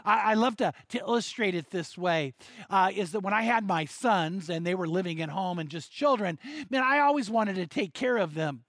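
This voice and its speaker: Emphatic older preacher, high-voiced man. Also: expressive, moderate pace, a bit bright, no echo. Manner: emphatic, repetitive storytelling. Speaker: pastor. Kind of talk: sermon.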